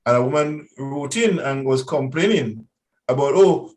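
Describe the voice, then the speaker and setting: A man's voice: medium pitch, lively intonation, normal speed, poor audio. Man, radio interview guest, earnest warning tone.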